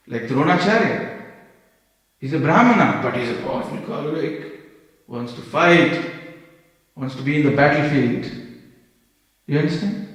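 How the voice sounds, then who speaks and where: A man giving a lively storytelling sermon with a slightly higher-than-usual voice. He acts out the dialogue as he tells it. His voice rings through a temple hall with a long, heavy echo. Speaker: speaker giving a class.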